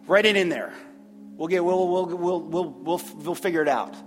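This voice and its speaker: In a church sanctuary, an earnest pastor with a high voice delivers a sermon, often repeating phrases and taking preacherly pauses as he gathers his words. A long hall reverb surrounds him, and faint music plays underneath.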